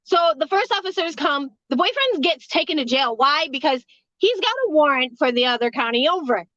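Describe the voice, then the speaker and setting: A woman's voice: high voice, animated, fairly quick, fairly bright tone, no echo, muffled recording. A woman who works a hotel front desk, telling a story casually, rambling, swearing freely and laughing between lines.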